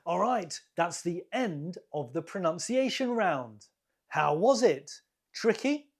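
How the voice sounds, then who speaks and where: A British woman hosting an English quiz, slowly and deliberately repeating each word for learners. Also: lowish voice, expressive, slightly rough. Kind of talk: slow, clear quiz teaching.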